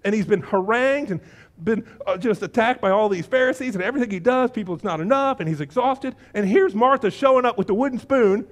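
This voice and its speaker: Lively high-voiced male pastor. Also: fairly quick. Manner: animated storytelling, acting out voices. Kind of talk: sermon.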